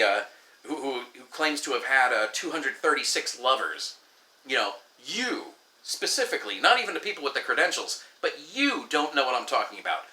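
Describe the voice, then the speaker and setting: A man's voice: on the high side, sharp tone. A man vlogging an exasperated, profane rant, acting out the exchanges he quotes. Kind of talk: ranting storytelling to camera. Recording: echoey room.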